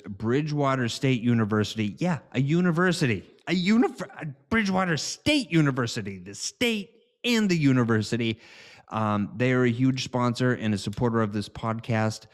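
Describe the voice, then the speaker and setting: Giggly rambling podcast host man. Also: mid-range voice. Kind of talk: casual sponsor read.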